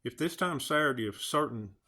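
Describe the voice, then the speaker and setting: Bright-voiced man ranting. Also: fairly high pitch, lively intonation, fairly quick. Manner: earnest, pleading, repeats himself, rhetorical questions. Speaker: video channel host. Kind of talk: emotional direct-to-camera rant.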